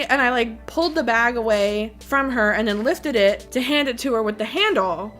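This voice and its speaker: A young woman vlogger telling a story in a casual, animated way, laughing often and saying "like" a lot. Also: high voice, a little fast, hardly any pauses, faint music behind. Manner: animated, with frequent laughs and filler "like".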